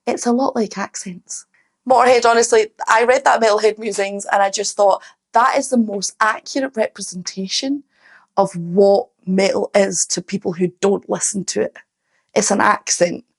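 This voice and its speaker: A Scottish woman who is a singer, chatting casually and lively to her viewers before reacting to a song, with the odd swear. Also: mid-range voice. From Scotland. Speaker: singer hosting a music reaction channel. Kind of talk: casual chat to camera.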